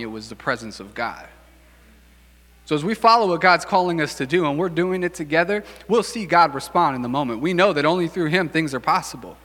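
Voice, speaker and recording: A male pastor giving a casual, animated sermon and acting out quick voices for the people in the story. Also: on the high side. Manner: animated, acts out quick voices for biblical figures. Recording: long hall reverb.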